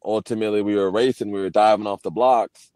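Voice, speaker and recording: This young Paralympic swimmer, appearing as a guest on a relaxed video-call interview, has a lowish, clear, resonant voice that's a little mellow. He talks fast with fairly even intonation, reflecting openly and frequently starting sentences over. The audio has no echo.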